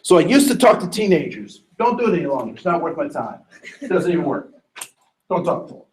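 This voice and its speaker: A diversity trainer with a high-leaning voice talks fast while leading a workshop lecture. He tells stories animatedly, acting out the voices, and puts questions to the room. The audio quality is poor.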